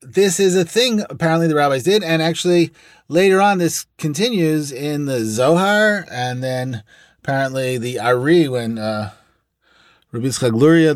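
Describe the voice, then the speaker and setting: A man at a middle pitch leads a text-study lecture, reading an ancient phrase aloud and then unpacking it in English. He talks in an explanatory, digressive way and adds asides as he goes. The recording is close and dry, with no room sound. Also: dry recording. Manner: reads Aramaic phrases aloud, then glosses them in English. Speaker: Talmud teacher.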